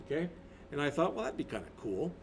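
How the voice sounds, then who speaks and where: A man's voice: on the high side, sing-song, fast talker, slight background noise. A man in his fifties, a college instructor, talking through a recorded lecture in a rambling, conversational way with many restarts.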